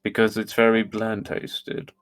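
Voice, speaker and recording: A man playing a tabletop role-playing game, talking in a slow, lively way and chuckling as he plays his character. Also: lowish voice, smooth. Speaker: player.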